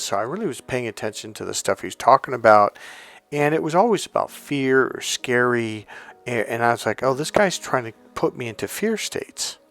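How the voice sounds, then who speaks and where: A man's voice: mid-range voice, animated, fairly quick, fairly bright tone. A male dating and relationship coach telling stories in a casual, rambling monologue full of restarts and asides.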